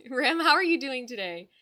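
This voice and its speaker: A woman's voice: sits high, animated, unhurried, bright, forceful tone. A woman livestreaming from home, chatting casually with her viewers and fussing affectionately over the dog in her lap.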